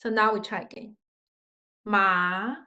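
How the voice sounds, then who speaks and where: A woman with a fairly high, bright voice and wide pitch swings, recorded lo-fi, gives a Mandarin tone pronunciation lesson. She is patient and demonstrative, speaking slowly in slightly non-native English with non-native grammar.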